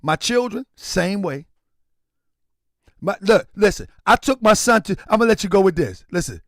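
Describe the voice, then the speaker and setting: Recorded with clean studio sound and no echo, a high-pitched man hosts a livestream. His talk is casual yet animated, sometimes preachy, and he often shouts.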